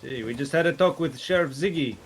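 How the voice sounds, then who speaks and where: A man's voice: medium pitch, brisk. Businesslike man over noisy game chat. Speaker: role-play player, gang member. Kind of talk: in-character role-play.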